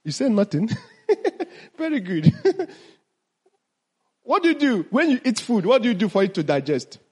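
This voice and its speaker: A man's voice: high-pitched, sing-song, normal speed, husky. A man teaching mindfulness to an audience, asking them questions and then answering them himself.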